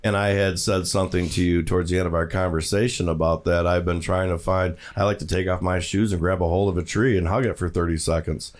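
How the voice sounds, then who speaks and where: A man hosting a casual podcast chat, often stumbling and repeating words as he asks his guests questions. His voice sits low. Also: steady tone, fast talker, few pauses. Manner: repeats himself, talks in restarts, asks questions. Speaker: podcast host.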